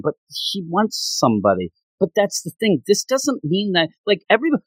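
A man co-hosting a casual chat about a manga, animated and acting out characters' lines. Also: high voice, normal speed, few pauses, dry recording, rough recording. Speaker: podcast co-host.

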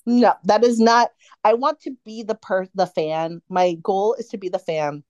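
A woman's voice: medium pitch, measured pace, darkish tone, no echo, dull audio. A woman co-hosting a podcast, chatting casually and animatedly, often acting out quotes. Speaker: podcast co-host. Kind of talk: casual fan chat.

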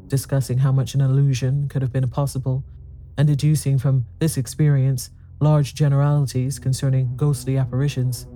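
Storyteller: man, very dark warm tone, tense first-person ghost story reading. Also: medium pitch.

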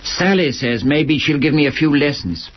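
A man's voice: fairly high pitch, moderate pace, husky, pitched above the performer's own voice. A man reading aloud, voicing a smug young foreign ladies' man who speaks broken English in a lazy, self-satisfied drawl. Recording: lo-fi recording with faint hiss.

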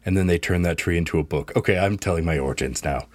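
A man voicing Merlin, an old wizard trapped in a talking book, who speaks in a gentle, rambling, reassuring way. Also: low-pitched, fast talker, dry recording.

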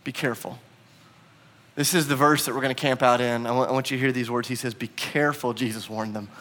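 A man preaching a sermon as pastor, animated and acting out quoted lines with a raised voice. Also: medium pitch, quick pace. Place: bar used as church venue.

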